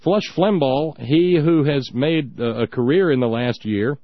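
A man's voice: mid-range voice, unhurried, no room sound, dull audio. A man hosting a talk radio show, ranting with indignant sarcasm.

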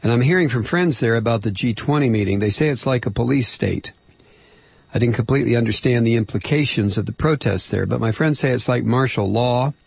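A man's voice: medium pitch, a little fast, creaky, breathy edge, dry recording. A middle-aged man hosting political talk radio, ranting in a combative and sarcastic way into a close studio microphone.

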